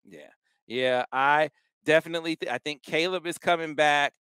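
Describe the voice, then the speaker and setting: A male podcast co-host with a slightly high, clear and crisp voice, telling his stories with lively emphasis. His talk is casual and excited, and the sound is bright and close to the mic. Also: moderate pace, dry recording. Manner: animated, emphatic storytelling. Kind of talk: casual sports podcast chat.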